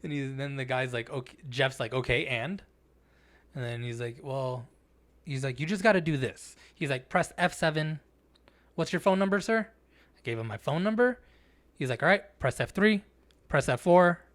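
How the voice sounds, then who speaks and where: A podcast co-host speaks at normal speed in a medium pitch, pausing often. He's telling a story in crude, casual chat, animatedly acting out what the other people said.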